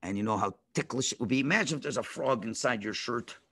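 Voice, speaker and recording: A man teaching children through a story over a video call, animated and playful, with sound effects. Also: medium pitch, fast talker, slightly rough.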